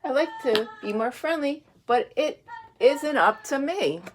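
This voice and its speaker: A woman reading as a gloomy pouting fish in a storybook, mopey and sing-song. The voice dips lower on the drawn-out sounds and stays slow and glum. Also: lively intonation, a little hiss or hum. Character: gloomy male fish who pouts.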